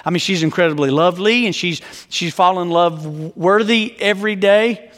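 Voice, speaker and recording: Middle-aged male pastor, high-pitched, emphatic storyteller, sermon in a reverberant hall. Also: normal speed, fairly bright tone. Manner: conversational, joking, emphatic storyteller. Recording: long reverb of a large hall.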